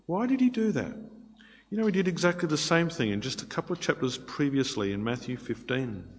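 Male preacher, expressive delivery moving between loud pleading and quiet asides, long hall reverb. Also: fairly high pitch, fairly quick, a little hiss or hum. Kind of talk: sermon.

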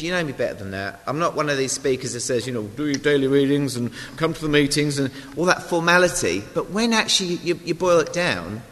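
Chatty lay preacher in a reverberant hall. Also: male voice, medium pitch, fairly bright tone. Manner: chatty, self-deprecating, with asides to the congregation. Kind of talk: informal sermon.

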